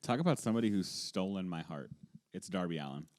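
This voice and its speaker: A man's voice: low voice, animated, fast talker, darkish tone. A man co-hosting a podcast, chatting casually and cracking offhand, wry jokes. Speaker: podcast co-host. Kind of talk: casual chat recapping wrestling.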